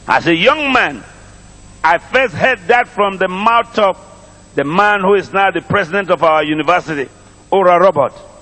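Nigerian man preaching, husky, high and swinging pitch, slow, call-and-response. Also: pushed and bright, in a large hall. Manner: calls for congregation responses, repeats phrases, stretches words slowly. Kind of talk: sermon. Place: church congregation.

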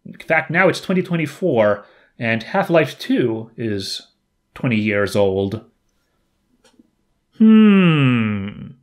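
Man, channel host, casual retrospective chat, rambling, self-deprecating, mid-pitched voice. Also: big pitch swings, slow pace, pauses often.

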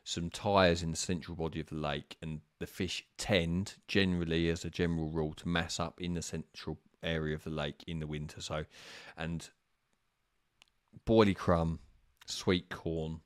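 A man's voice: low voice, fairly even intonation, normal speed, dry recording, clean studio sound. A man on a live stream, answering viewers' carp fishing questions in a casual, rambling way with lots of ums and restarts.

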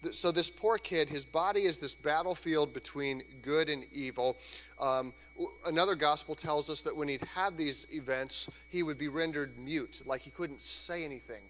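A man preaching a sermon in a church, conversational and lively, sometimes acting out voices. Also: on the high side, moderate pace. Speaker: pastor. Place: church sanctuary. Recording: church hall reverb, faint hum.

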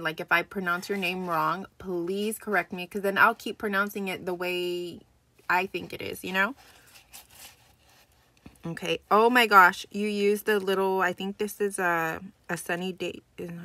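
A young woman talks excitedly through a crafting unboxing vlog, gushing over each item. Her voice is bright and sits in a middle pitch. She sounds chatty and easily delighted. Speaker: crafting channel host.

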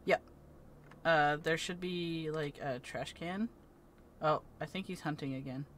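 A woman streamer chatting casually while playing a game, giggling often and reacting loudly to scares. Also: low-pitched, unhurried, a little hiss or hum. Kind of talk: casual gaming chat.

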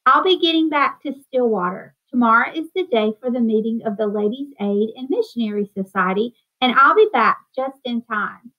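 A woman's voice: on the high side, expressive, moderate pace, hardly any pauses, close to an everyday voice. A woman reading aloud and voicing a practical, kindly middle-aged housewife in a storybook reading, speaking fondly and matter-of-factly, on a dull, lo-fi recording. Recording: dull lo-fi sound.

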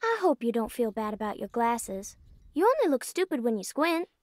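A woman's voice: fairly high pitch, very animated, moderate pace, a little mellow, no room sound, studio quality. A woman voicing an eerie young girl in a game who teases with sweet, oddly formal mockery. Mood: teasing.

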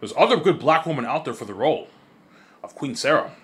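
A man talking casually and excitably in a rambling monologue, swearing freely and often stumbling and restarting his words. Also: mid-range voice, fast. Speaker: vlogger.

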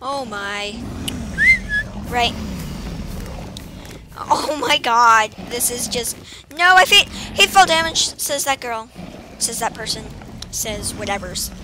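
A woman's voice: fairly high pitch, lively intonation, slow pace, long pauses, very noisy. A woman rambling through casual gameplay commentary, giggling and making playful beeping sound effects. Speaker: gamer commentating her play. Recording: faint game music behind.

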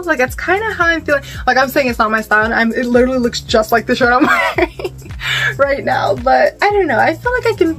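Bubbly high-voiced young woman gushing. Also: animated, brisk, fairly bright tone, faint music behind. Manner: bubbly and gushing, many fillers and squeals. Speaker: vlogger. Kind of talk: casual haul vlog.

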